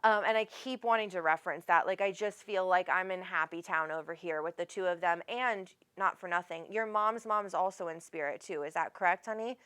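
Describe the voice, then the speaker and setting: A woman's voice: on the low side, brisk, hardly any pauses, fairly bright tone, smooth. A woman hosting a live psychic reading, talking in a rambling, affectionate way, calling the caller honey and swearing casually. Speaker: psychic medium host.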